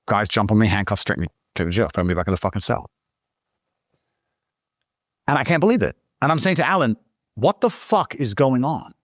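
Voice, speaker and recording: A man's voice: lowish voice, no echo, studio quality. A man telling a story casually, indignant and swearing often. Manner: profane, indignant, animated. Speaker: guest storyteller.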